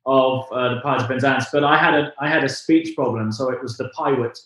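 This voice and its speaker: A man's voice: medium pitch, steady tone, brisk, a bit bright, a little hiss or hum. A man from England, a musical theatre singer chatting as an interview guest in a rambling, self-correcting way. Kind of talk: casual interview chat. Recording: very echoey, distant from the mic.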